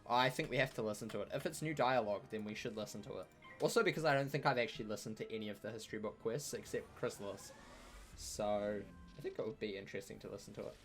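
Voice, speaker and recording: A man's voice: fairly low pitch, fast talker, a bit bright, faint music behind. A man giving chatty, playful live commentary on a game he streams, with joking trash talk aimed at the enemies.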